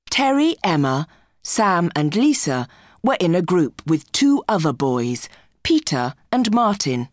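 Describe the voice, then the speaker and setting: A woman narrating a graded-reader storybook in a clear, careful way. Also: on the low side, sing-song, measured pace, no room sound, clean studio sound.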